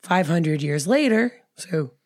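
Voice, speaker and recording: A woman co-hosting a podcast in casual chat, her voice hoarse from a cold, rambling with fillers and restarts. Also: lowish voice, expressive, takes it slowly, a little mellow, dry recording, clean studio sound. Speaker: podcast co-host.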